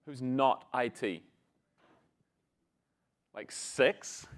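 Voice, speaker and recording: A man's voice: medium pitch, extremely slow. A man giving a casual conference talk, chatting with the audience and telling a story. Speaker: conference presenter.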